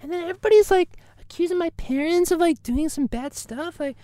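A woman's voice: very high-pitched, fairly quick, dark tone, no room sound, clean studio sound. A woman playing a vague young man in an improvised comedy bit, mumbling and full of "like" and "you know". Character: aimless young man denying blame. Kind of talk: improvised comedy role-play.

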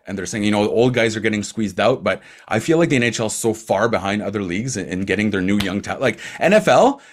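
A man in casual sports chat about hockey, animated, laughing often, with quick asides. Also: lowish voice, a little hiss or hum. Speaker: hockey commentator.

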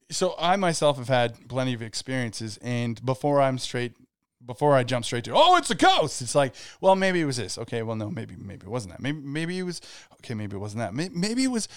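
Smooth, lively-voiced male podcast co-host. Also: medium pitch, no echo, studio quality. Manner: thoughtful, hedging, weighs explanations. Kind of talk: casual chat.

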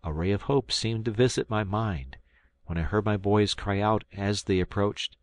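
A man from South Carolina narrating a public-domain audiobook in a measured, steady reading. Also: fairly low pitch, dry recording. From South Carolina, United States. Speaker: volunteer audiobook reader.

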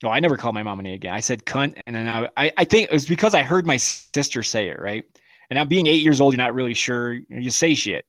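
A man's voice: mid-range voice, expressive, fast talker, a bit bright, no echo, clean studio sound. A man in his forties co-hosting a podcast, telling crude stories in casual chat and laughing often. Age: 40s. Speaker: podcast co-host.

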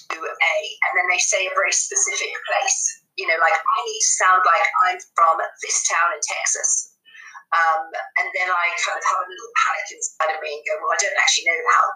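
A woman's voice: lowish voice, sharp tone. A woman dialect coach chatting casually in an interview, rambling with lots of fillers. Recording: echoey room, distant from mic.

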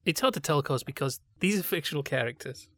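A man's voice: on the high side, animated, fast, a bit bright, no echo. Guy cohosting a chatty podcast, wanders off on tangents, dead dry sound. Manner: thoughtful, discursive, digressive. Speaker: podcast co-host. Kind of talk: casual podcast discussion.

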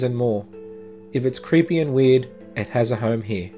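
A man hosting a podcast, narrating true creepy stories in a measured, dramatic way with slow pauses. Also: mid-range voice, expressive, dark tone, faint music behind. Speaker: podcast host.

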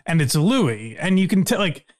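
A man's voice: on the high side, sing-song, normal speed. A man hosting a podcast in a casual, reflective, conversational way. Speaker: podcast host. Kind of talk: casual chat.

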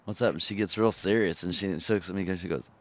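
A man, a musician guest, telling a story in casual chat, rambling and relaxed with many fillers and laughing at his own tale. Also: low-pitched, quick pace.

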